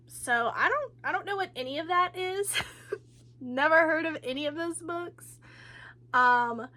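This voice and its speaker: High-pitched woman rambling about her books, lots of ums and likes, gets emotional. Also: sharp tone. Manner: chatty and rambling, with many fillers and restarts; emotional, with sighs and laughs. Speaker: book vlogger. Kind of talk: casual chat about books.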